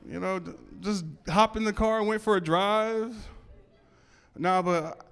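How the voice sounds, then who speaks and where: A man with a fairly high, smooth, clear voice works a comedy club crowd, his talk loose and rambling with stammered restarts. He is miked on stage and sounds clean and close. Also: steady tone, measured pace, a bit bright. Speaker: stand-up comedian. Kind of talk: stand-up set before a live audience.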